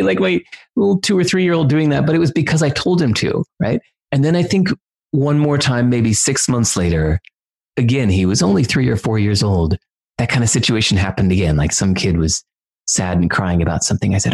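A man's voice: mid-range voice, a little fast, creaky, darkish tone. A man chatting casually as an interview guest, telling stories about his son in a rambling way full of "like". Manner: rambling, many "like" fillers. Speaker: guest parent. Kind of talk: casual conversational storytelling.

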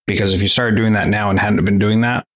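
A man's voice: fairly low pitch, fairly even intonation, fast. A man hosting an interview, asking thoughtful questions and sharing his own family experiences, often restarting sentences. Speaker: podcast host. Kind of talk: casual interview conversation.

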